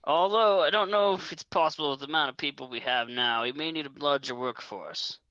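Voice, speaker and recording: A player in a casual tabletop game, chatty and quick to laugh, describing their character's actions. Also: medium pitch, pushed and bright, clear, resonant tone, no echo, lo-fi sound. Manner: chatty, laughs often, narrates own character.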